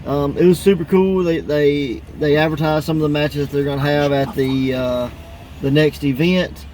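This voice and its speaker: A man hosting a casual wrestling podcast, laughing often and acting out quoted wrestlers in higher voices. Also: fairly even intonation, moderate pace, darkish tone, a little hiss or hum. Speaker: podcast host.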